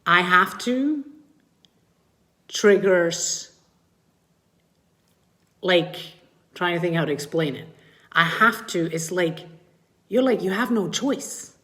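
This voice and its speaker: A middle-aged woman coaching mothers in a live-streamed talk, speaking to viewers with animated swoops in her voice when she acts out feelings. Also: on the low side, slow, long pauses.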